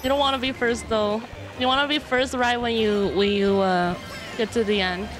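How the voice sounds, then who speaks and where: A young woman streaming live, chatting excitedly and laughing as she plays a kart racing game. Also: on the high side, normal speed. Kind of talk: live gameplay commentary. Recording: game music loud behind voice.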